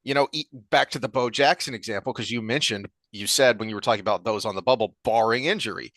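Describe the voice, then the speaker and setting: A man in casual podcast chat, his voice sitting at an ordinary middle pitch. He rambles with animated restarts and quick asides. The sound is dry and close. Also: no room sound. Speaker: podcast co-host.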